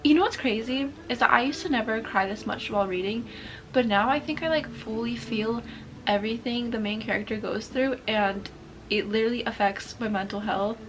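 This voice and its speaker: A woman's voice: on the high side, a little fast, soft background music, low-quality recording. A young woman vlogging in a casual, chatty way, gushing and emotional as she talks to her viewers. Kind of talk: casual chat to camera.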